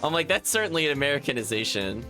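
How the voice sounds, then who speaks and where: Male streamer, casual chatty commentary, very animated, bright tone. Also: on the high side, racing, faint music behind. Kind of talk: casual let's-play commentary.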